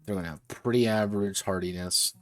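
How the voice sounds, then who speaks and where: Man, low voice, muttering, self-correcting, casual swearing, working through game rules out loud, faint music behind. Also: fairly even intonation, fairly quick, no echo. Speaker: game designer streaming his work. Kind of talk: thinking aloud while designing a tabletop game.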